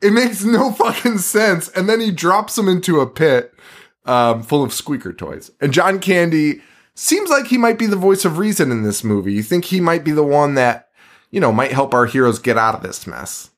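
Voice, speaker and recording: A man's voice: fairly high pitch, animated, moderate pace. A man co-hosting a podcast in a basement, retelling a movie in casual chat, laughing often and swearing freely. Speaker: podcast co-host.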